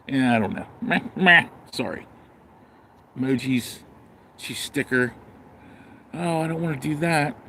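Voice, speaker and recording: In a relaxed livestream, a man bluntly and sarcastically rants, later rambling his way through viewer comments. His voice is medium-pitched and a bit bright, with slight background noise.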